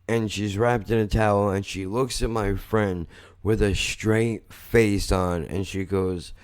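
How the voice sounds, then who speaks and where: Male podcast host, low-ish voice; rambling, blunt, profane monologue. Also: steady tone, takes it slowly, clear, resonant tone. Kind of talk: casual storytelling monologue.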